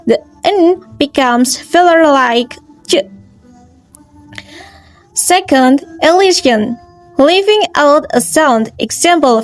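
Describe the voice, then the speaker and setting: A woman student reading a class presentation on phonology, slowly and carefully, stretching out her example words. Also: high voice, animated, faint music behind.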